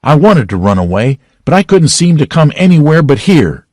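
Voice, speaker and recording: Guy putting on a scared tearful accused man, begging, voice pushed way higher than his own. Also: fairly even intonation, moderate pace, darkish tone, dry recording, clean studio sound, lightly acted. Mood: pleading, despairing. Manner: pleading, tearful. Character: terrified pitiful accused townsman, broken.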